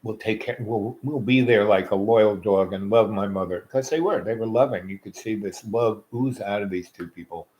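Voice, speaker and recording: Man, lowish voice, rambling anecdote with lots of fillers and asides. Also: normal speed, few pauses, darkish tone, poor audio. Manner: loose, full of fillers and asides. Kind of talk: rambling personal storytelling.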